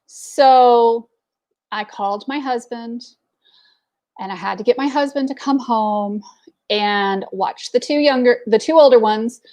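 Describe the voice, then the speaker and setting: A woman's voice: fairly high pitch, measured pace, a little mellow. Candid mother telling a story. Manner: candid, storytelling, many fillers. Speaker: entrepreneur network speaker. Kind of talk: casual talk with personal story.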